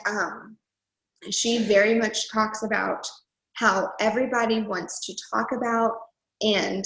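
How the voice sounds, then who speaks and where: A woman's voice: medium pitch, gravelly. A woman talking casually and with animation to her team on a video call, motivating them with lots of "like" and "you guys". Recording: roomy echo.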